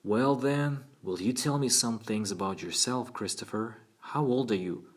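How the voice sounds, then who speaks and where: A man voicing a patient woman psychologist who asks gentle, probing questions. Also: medium pitch, measured pace, pitched above the performer's own voice, natural voice.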